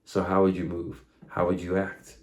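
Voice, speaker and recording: Deep-voiced man giving an earnest faith talk. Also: completely flat delivery, moderate pace, a little mellow. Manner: earnest and conversational, retells stories with casual asides. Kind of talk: spoken faith monologue.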